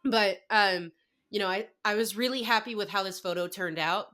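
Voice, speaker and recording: A young adult woman chats as a podcast guest, her voice bright and clear. She talks at an ordinary pitch for a woman. She tells her story in an excited, gushing way and keeps dropping "like" between phrases. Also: normal speed. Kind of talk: casual chat.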